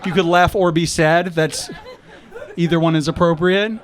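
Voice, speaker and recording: A man's voice: a little high, little pitch movement, normal speed, some chatter behind. A young man doing a stand-up set on an outdoor rooftop, wry and self-deprecating. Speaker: stand-up comedian.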